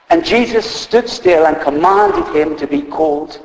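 Guy preaching a sermon, bit higher voice, earnest, loose and unscripted, big echoey hall. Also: lively intonation, moderate pace, hardly any pauses. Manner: earnest, unscripted, reads scripture aloud and corrects himself.

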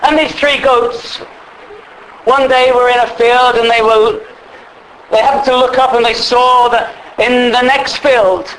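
A man's voice: very high voice, a bit bright, slight background noise, rough recording. A man preaching in a church, telling a story in a conversational way, repeating words and asking the listeners questions. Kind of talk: storytelling sermon.

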